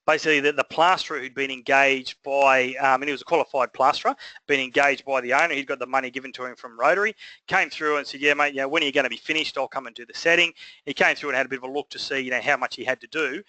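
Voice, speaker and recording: Man, Australian accent, trades instructor, rambling chat, bright voice, dry close sound. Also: medium pitch, no echo, low-quality recording. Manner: rambling, conversational, filler-heavy. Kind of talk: casual recorded lesson.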